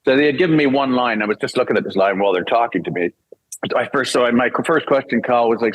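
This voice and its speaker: A man's voice: mid-range voice, quick pace, dry recording, rough recording. An older man from Canada, a voice actor and singer, telling a casual story and acting out the voices he quotes, laughing often.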